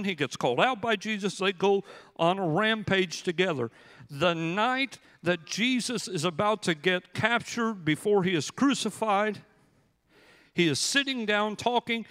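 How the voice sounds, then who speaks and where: A male pastor preaching a sermon, telling a story with animated, acted-out quotes. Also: sits high, in a large hall.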